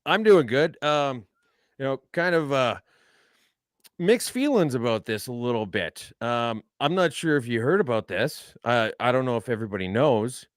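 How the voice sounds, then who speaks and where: A man co-hosting a podcast, telling a long rambling story in a casual, deadpan joking way. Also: mid-range voice, normal speed, no room sound, clean studio sound. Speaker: podcast co-host.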